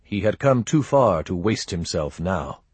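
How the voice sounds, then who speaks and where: A husky male narrator reading fiction aloud in a measured, steady way. His voice is low and close to the mic, in a dry, deadened space. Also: no echo. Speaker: audiobook narrator. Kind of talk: scripted narration.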